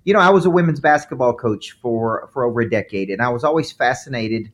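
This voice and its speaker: Man, Southern accent, former coach, podcast guest, fluent, energetic, mid-pitched voice. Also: fast talker. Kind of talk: podcast interview answers.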